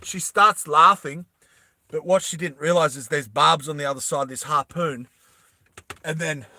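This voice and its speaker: An excitable young man chats with his viewers, rambling and stopping to correct himself along the way. His voice sits a touch high and sounds bright and forward. The recording is close and dry. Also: moderate pace, no room sound. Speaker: animated film creator. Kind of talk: casual storytelling to viewers.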